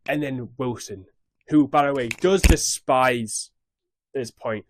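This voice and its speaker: Over slight background noise, a young YouTuber recaps a show on his vlog in a slow, mid-range voice. His recap is casual, scattered, and rambling, and he swears freely.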